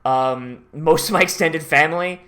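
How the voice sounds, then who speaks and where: A host giving casual, rambling commentary after an anime watch-along, animated and full of swearing. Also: mid-range voice, normal speed.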